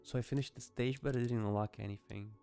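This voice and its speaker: Gravelly man thinking aloud over gameplay. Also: mid-range voice, fairly even intonation, fast talker. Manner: thinking aloud, working out numbers. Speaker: gaming streamer. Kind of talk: casual gameplay commentary. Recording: loud game music and gunfire behind. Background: loud game music with gunfire effects.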